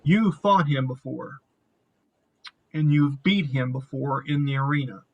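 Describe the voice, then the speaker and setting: A man's voice: mid-range voice, steady tone, unhurried, dull audio. A man acting as game master, narrating a tabletop game in a casual, rambling way and swearing now and then.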